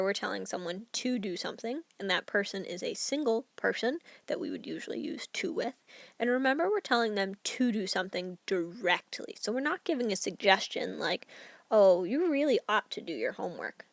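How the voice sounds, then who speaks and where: Woman teacher with a gravelly edge. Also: mid-range voice, a bit bright, no echo. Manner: clear step-by-step explaining. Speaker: Spanish teacher. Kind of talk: recorded grammar lesson.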